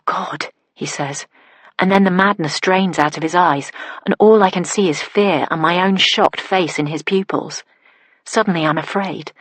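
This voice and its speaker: Woman, audiobook narrator, low breathy voice, dry close mic, intimate thriller narration. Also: fairly bright tone, no room sound. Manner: intimate narration of a woman's inner voice, dropping to whispers. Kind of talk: first-person thriller narration.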